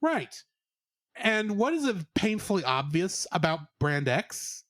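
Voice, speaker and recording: A man co-hosting a podcast, giving an animated, sarcastic movie review in casual chat. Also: high voice, a little slow, dry recording, clean studio sound. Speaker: podcast co-host.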